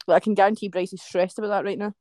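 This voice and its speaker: A woman with a West Coast Scottish accent, co-hosting a podcast and telling sweary, animated stories in casual chat. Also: medium pitch, rapid-fire, no echo, clean studio sound. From Scotland. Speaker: podcast co-host.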